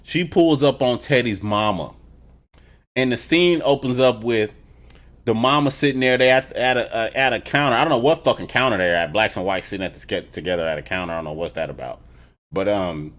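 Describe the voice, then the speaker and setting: A man giving a casual TV episode review, profane and animated as he retells scenes. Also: on the low side, fairly quick. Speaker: TV show reviewer.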